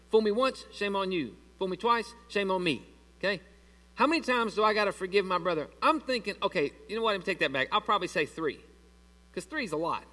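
A man preaching a sermon to his church, animated and asking the congregation questions as he reads through scripture. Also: high-pitched. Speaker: pastor. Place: church sanctuary. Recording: long reverb of a large hall.

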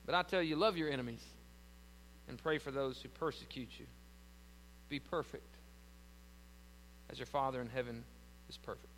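A man's voice: medium pitch, moderate pace, long pauses, a bit bright, in a large hall, slight background noise, low-quality recording. A man with a Southern American accent preaching a sermon as pastor, building to emphatic lines and then telling stories with frequent restarts.

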